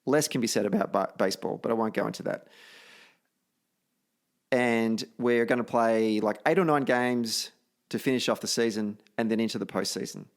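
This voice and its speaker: A man's voice: on the low side, moderate pace. An Australian man hosting a casual podcast, chatty and self-deprecating, telling stories with animation. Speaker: podcast host.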